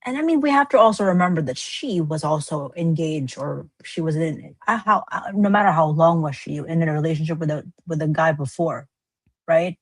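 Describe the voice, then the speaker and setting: A woman's voice: low-pitched, fairly quick, dry recording. A woman producer chatting as a podcast guest, hesitant with lots of uh's and restarts, laughing easily. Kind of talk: casual chat.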